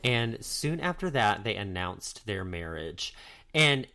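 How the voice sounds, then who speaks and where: A man's voice: fairly low pitch, very animated, slow, sharp tone. A man co-hosting a podcast, telling history as casual storytelling. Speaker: podcast co-host. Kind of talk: casual chat.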